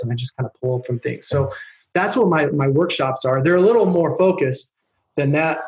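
A man telling stories as a guest on an interview show, lively and acting out the people in his anecdotes. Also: mid-range voice, moderate pace. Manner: animated storyteller, acts out voices in anecdotes. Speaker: podcast guest, performance coach. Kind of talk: casual interview chat. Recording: roomy echo.

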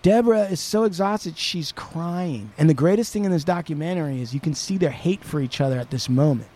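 A podcast host tells a story in a loose, chatty way, full of casual swearing. His voice sits fairly high for a man, and he keeps the telling animated. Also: brisk. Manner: profane, animated retelling.

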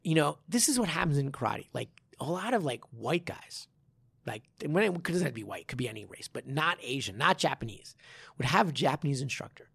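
A man who teaches martial arts, talking in a casual podcast chat and telling a story with animated swearing and frequent restarts. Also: medium pitch, brisk, vocal fry, husky, no echo.

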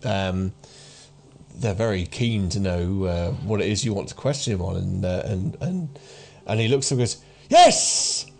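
A man's voice: sits low, normal speed, vocal fry, a little mellow. A man in his thirties narrating as game master for a tabletop game, rambling with many restarts. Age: 30s.

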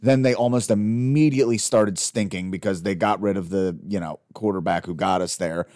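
A man in his thirties co-hosting a casual podcast, given to stammered restarts and dry, deadpan jokes. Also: low voice, brisk, dry recording. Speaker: podcast co-host. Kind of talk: casual chat.

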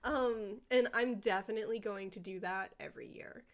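A woman's voice: mid-range voice, normal speed. A young woman, an elementary school teacher, telling classroom stories in a casual chat, often giggling. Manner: giggly, animated storytelling with quoted kids.

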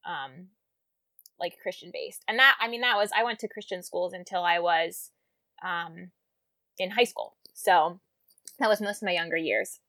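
A young adult woman speaking as a guest in a casual conversation, reflective and halting with fillers. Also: on the low side, expressive, pushed and bright, no echo.

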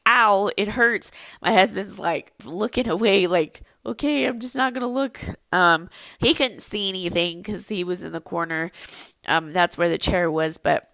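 A woman's voice: lowish voice, fairly even intonation, moderate pace, vocal fry, a bit bright, no room sound. A young adult woman hosting a casual personal podcast, telling a story in a chatty, rambling way full of ums and likes. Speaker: podcast host.

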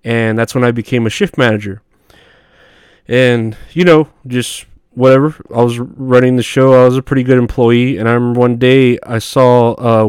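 A man spins loose, profanity-laced stories in an offhand monologue, laughing at his own punchlines. His voice comes across smooth and clean, with a dry, close sound and no room around it. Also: mid-range voice, no echo. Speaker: podcast host. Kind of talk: casual storytelling monologue.

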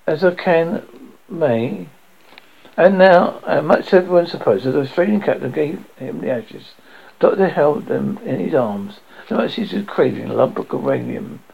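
A man's voice: a little high, gravelly, breathy edge. A man reading a story aloud, stumbling and restarting now and then. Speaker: audiobook reader. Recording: dull lo-fi audio.

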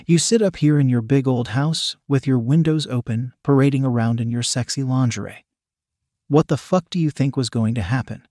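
A man's voice: medium pitch, moderate pace, mellow, no echo, studio quality, lightly acted. A man voicing a menacing male intruder who talks in a mocking, commanding way, in an adult audio story reading.

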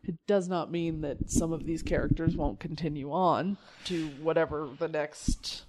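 A man with a notably high-pitched voice chatting casually on a podcast. He is wry and quick to laugh, and swears freely. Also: steady tone, very noisy. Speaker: podcast co-host. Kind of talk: casual chat.

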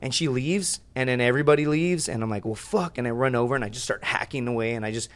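A young man, a guest on a podcast, tells his story fast in a medium-pitched voice. It's casual and meandering, with swearing and plenty of energetic asides.

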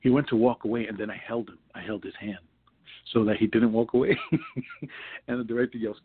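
A man's voice: mid-range voice, fairly quick, pauses often, husky. A man, an actor guest, telling rambling anecdotes in a casual interview, full of restarts and laughs. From New York. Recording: tinny phone-like line.

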